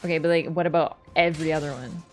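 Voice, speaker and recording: A woman's voice: deep voice, steady tone, quick pace, faint music behind. A young woman streaming a game, chatting casually and answering her chat in a playful way.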